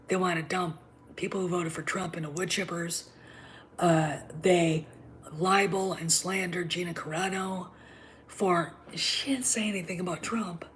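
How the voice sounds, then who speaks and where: A middle-aged woman hosting a livestream, talking in an emphatic, combative way and often dropping to a low whisper. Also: a little hiss or hum. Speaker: show host. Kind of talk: opinionated livestream monologue.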